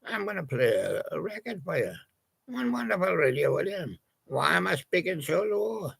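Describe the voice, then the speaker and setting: Man putting on a small secretive toy seal, higher and hushed, gravelly edge. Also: sing-song, normal speed, no room sound, heavily acted. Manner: hushed, confiding.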